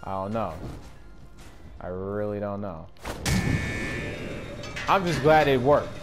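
A man giving casual gameplay commentary in slangy speech, swinging between yelling and mumbling. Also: on the low side, lively intonation, takes it slowly. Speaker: gamer. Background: game music.

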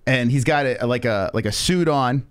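A man's voice: mid-range voice, normal speed, smooth, no echo, studio quality. A young man telling a story on a live stream, cursing freely and acting out the voices of the people in it. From New York. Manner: animated, profane, acts out quoted voices. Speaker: podcast host.

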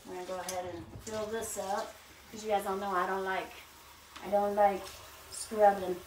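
A woman's voice: medium pitch, little pitch movement, normal speed, distant mic. A woman hosting a casual cooking livestream from her home kitchen, chatting straight to her viewers as she cooks. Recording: noisy home recording with clicks.

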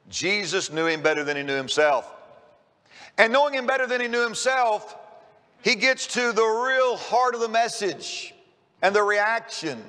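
High, bright-voiced man preaching in a hall. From Kentucky. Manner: repeats words when starting sentences, emphatic. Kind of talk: sermon. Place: church sanctuary.

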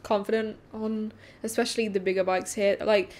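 A woman, co-hosting a podcast in casual chat, candid and quick to laugh. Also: mid-range voice, level tone. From England. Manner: laughing, candid, trails off softly. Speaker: podcast co-host.

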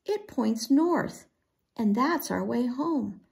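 A woman's voice: a little high, expressive, takes it slowly, creaky, darkish tone, heavily acted. Woman reading as an eager little girl explorer. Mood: explaining.

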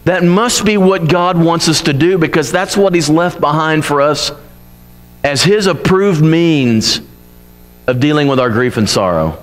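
A man's voice: on the high side, measured pace, long reverb tail. Earnest man preaching a sermon. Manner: earnest, conversational, voices the psalmist's complaints boldly.

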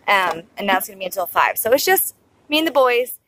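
A woman's voice: medium pitch, big pitch swings, fairly quick, very noisy. A young woman chatting casually in a family vlog, upbeat and sing-song when she talks to her kids. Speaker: family vlogger and mother.

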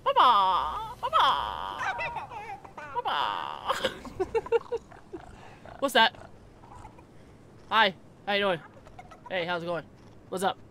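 A young woman streaming a game, chatting casually, giggling and calling out excitedly to the animals in the game. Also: medium pitch, takes it slowly, pauses often, a little hiss or hum. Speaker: gaming streamer. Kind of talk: casual gameplay commentary.

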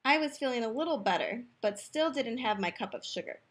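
Narrating a picture book in first person as the wolf, this storyteller reads aloud in a youth room with playful, expressive energy. She speaks fairly quickly in a somewhat high, slightly husky voice whose pitch rises and falls a great deal.

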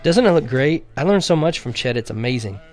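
A man's voice: medium pitch, animated, a little fast, faint music behind, pitched above the performer's own voice, close to an everyday voice. A man voicing a bubbly eighth-grade girl. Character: eighth-grade girl, cheerful, earnest, bouncy. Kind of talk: audiobook character voice.

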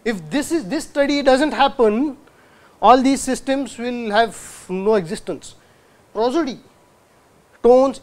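A man lectures in a hall. He keeps asking the audience questions he then answers himself. He sounds out words slowly to demonstrate them. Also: very high voice, darkish tone. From India. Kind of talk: university lecture.

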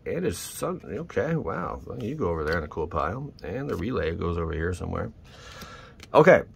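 A man hosting his channel, chatting casually and excitedly to viewers as he opens trading card packs. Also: sits low, fairly quick, gravelly, a little hiss or hum. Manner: excitable, rambling, talks to viewers. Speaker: channel host. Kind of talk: casual card-opening commentary.

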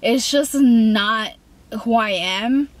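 Young woman, fairly high voice, casual storytime, rambling, restarts, giggly, acts out her own lines. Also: very slow. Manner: rambling, lots of fillers and restarts, quotes herself; giggly, laughs between lines. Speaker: vlogger.

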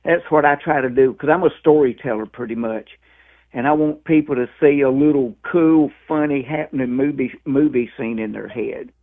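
A comedian from Mississippi in his sixties with a Southern accent, telling stories in a lively, folksy way during an interview. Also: medium pitch, normal speed. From Mississippi, USA. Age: 60s. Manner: lively storyteller, calls the host "man" and "dude". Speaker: stand-up comedian guest. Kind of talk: interview over the phone. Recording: tinny phone line.

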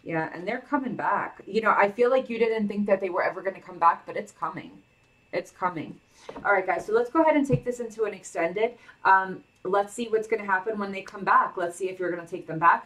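A woman's voice: on the low side, fairly bright tone, far from the mic, poor audio. A woman giving a casual tarot reading to her viewers, chatty and sassy, full of "like" and "you know". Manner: sassy, chatty, heavy on fillers. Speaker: tarot reader.

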